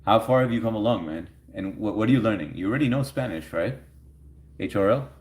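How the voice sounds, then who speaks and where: A man's voice: lowish voice, animated, a little fast, a little mellow. A man hosting a livestream, chatting casually with viewers, laughing often and reading their comments aloud. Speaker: livestream host answering chat. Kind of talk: casual chat. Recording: echoey room.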